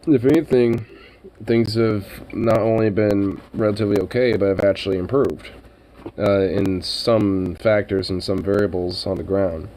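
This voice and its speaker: A male streamer talks off the cuff into a desk mic, rambling through fillers and swearing freely. His voice sits low and mellow. A faint noise floor runs underneath. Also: poor audio. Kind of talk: casual live-stream commentary.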